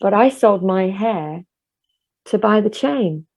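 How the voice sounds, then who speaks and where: A woman voicing a gentle, loving young woman in a told story, speaking softly and earnestly. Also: medium pitch, animated, slow. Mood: tender.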